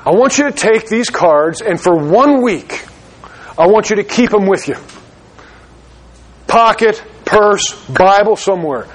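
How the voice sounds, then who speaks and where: A man preaching a sermon as pastor of his church, urgent and slowing down for emphasis. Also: sits high, lively intonation.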